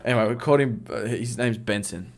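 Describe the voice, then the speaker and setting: Man, podcast co-host, loose rambling storyteller, swears constantly, mid-pitched everyday voice. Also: fast. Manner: profane, rambling, heavy slang. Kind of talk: casual storytelling.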